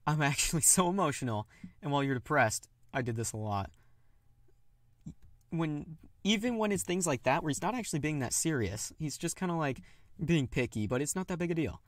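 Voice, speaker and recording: A young man talking candidly and haltingly about his own feelings in a confessional monologue, with nervous laughs. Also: on the high side, animated, dry recording, clean studio sound. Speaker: podcast host.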